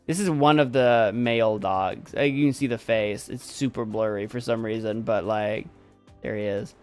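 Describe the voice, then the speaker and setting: A man hosting a live stream, chatting casually in an animated, jokey and rambling way. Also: lowish voice, normal speed, clear, resonant tone, soft background music. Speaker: streamer host.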